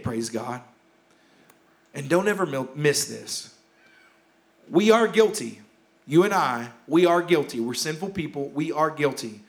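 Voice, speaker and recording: A man preaching a sermon as pastor in a church, urgent and impassioned, repeating key phrases and dropping to hushed tones. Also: a little high. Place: church sanctuary.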